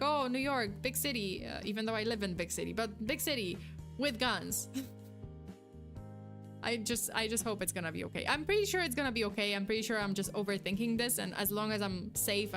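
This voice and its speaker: A young woman chatting casually on a live stream, reacting to chat with quick, giggly, animated replies. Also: mid-range voice, over music.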